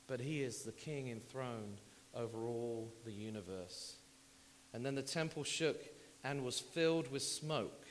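Conversational male preacher in a reverberant hall. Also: mid-range voice. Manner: conversational, animated, with asides and repetitions. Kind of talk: sermon. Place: church sanctuary. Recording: faint hiss, long hall reverb.

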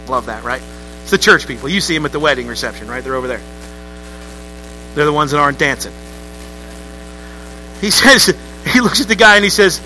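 A man's voice: a little high, expressive, brisk, sharp tone, soft background music, low-quality recording. A male pastor preaching a sermon in a church, telling a story in a conversational way and building to emphatic peaks. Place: church sanctuary.

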